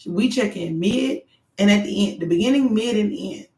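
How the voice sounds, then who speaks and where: A woman giving frank, animated advice straight to her viewers in a candid monologue. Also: mid-range voice, moderate pace. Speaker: doctoral student vlogger. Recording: echoey room.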